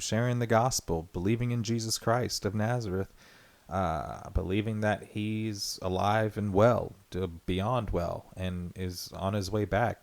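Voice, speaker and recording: Male podcast host, lowish voice, earnest and rambling, reflective solo talk. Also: a little mellow. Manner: earnest, rambling, with many "like" fillers and restarts.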